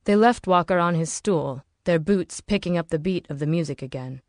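In a dry, studio-quality recording, an audiobook narrator delivers scripted narration of a novel. Her voice is on the low side, and her reading is steady and measured.

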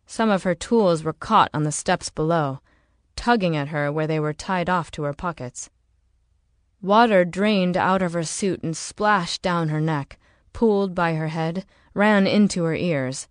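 A woman reading an audiobook in slow, measured, dramatic narration. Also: lowish voice, no echo, studio quality. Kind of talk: scripted narration.

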